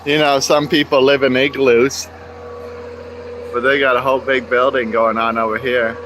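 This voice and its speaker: A man's voice: medium pitch, flat delivery, moderate pace, noisy background. Profane, rambling man outdoors. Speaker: vlogger. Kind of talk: casual rambling monologue to camera. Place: outdoors near a construction site.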